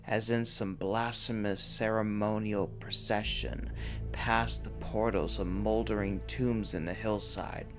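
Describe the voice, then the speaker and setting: A man reading a horror story aloud as a narrator, in a slow, measured, grave delivery. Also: on the low side, a bit bright. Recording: faint background music under the voice.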